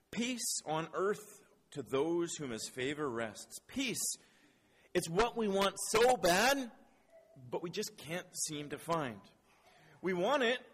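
A man with a somewhat high voice delivers a sermon. He shifts from playful banter with his listeners to earnest reflection. His voice rings out with a long reverb in a church hall. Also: a bit bright, slightly rough. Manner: playful, quizzing the audience, then earnest and reflective. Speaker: preacher.

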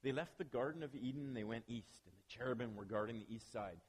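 A man's voice: mid-range voice, fast, breathy edge. A man preaching a sermon as pastor, talking conversationally with self-deprecating asides to the congregation. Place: church building. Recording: long reverb of a church hall.

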